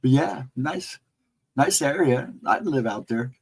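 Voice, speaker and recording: A man's voice: medium pitch, expressive, takes it slowly, creaky, husky, low-quality recording. A man hosting a casual livestream chat, telling loose, rambling anecdotes and chuckling often as he talks to viewers. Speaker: livestream host chatting with viewers.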